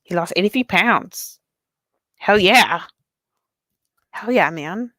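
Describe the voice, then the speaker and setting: A woman's voice: mid-range voice, takes it slowly, dry recording. Bubbly woman streamer, dry close sound. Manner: bubbly, excitable, reads chat aloud. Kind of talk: casual live-stream chat with viewers.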